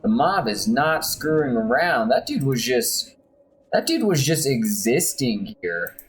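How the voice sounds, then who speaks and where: A man's voice: mid-range voice, very animated, unhurried, rough recording. A man playing a role-playing game, chatting casually and poking fun at himself while reading game text aloud. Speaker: gamer playing on stream. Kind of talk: casual gameplay commentary. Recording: faint game music behind.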